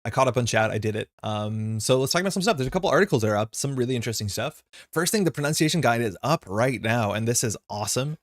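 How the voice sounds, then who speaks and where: A man hosting a live stream, chatting casually and thinking aloud as he slowly tries out how words are pronounced. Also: mid-range voice, animated, no room sound, studio quality. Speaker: stream host.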